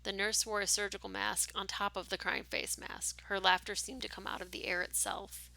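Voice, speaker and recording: Woman streamer, casual reader of a text game, bright edgy tone with a gravelly texture. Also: medium pitch, level tone, normal speed. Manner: casual asides with fillers between narration. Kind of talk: reading a story game aloud with commentary.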